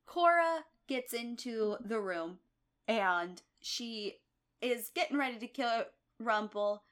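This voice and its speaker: A woman co-hosting a podcast, casually recapping a TV episode, blunt and quick to swear. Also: on the high side, lively intonation, fairly bright tone, clear, resonant tone. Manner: blunt, swears freely, retells scenes in a chatty way. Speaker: podcast co-host.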